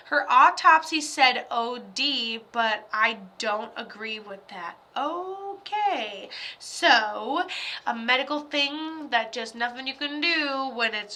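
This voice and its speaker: A woman's voice: on the high side, bright, forceful tone. A young adult woman psychic medium giving a live reading, chatty and joking with many fillers.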